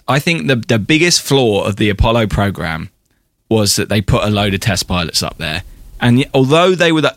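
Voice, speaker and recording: Male co-host, lowish pitch, dry mic, enthusiastic and chatty. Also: fairly bright tone, dry recording. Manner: enthusiastic, explanatory, many restarts. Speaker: podcast co-host. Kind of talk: casual conversational podcast chat.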